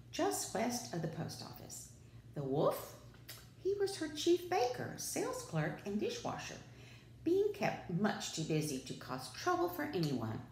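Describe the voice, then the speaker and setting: Preschool teacher lady reading a story, lowish voice, super expressive, echoey room. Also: slight background noise. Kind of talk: storybook read-aloud.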